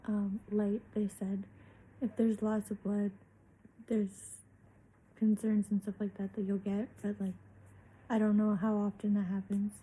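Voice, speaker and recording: A woman's voice: mid-range voice, little pitch movement, a little slow, pauses often, warm tone, breathy edge, low-quality recording. Candid young woman telling a story. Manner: candid, swearing, loose chatty storytelling. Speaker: vlogger. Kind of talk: personal story time.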